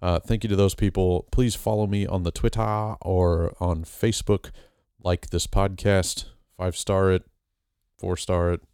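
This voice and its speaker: A man's voice: low-pitched, flat delivery, normal speed, warm tone, smooth, no echo, studio quality. A man hosting a podcast, introducing his guest in a rambling, joking way with lots of fillers and restarts. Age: adult with a master's degree. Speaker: podcast host. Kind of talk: casual podcast monologue.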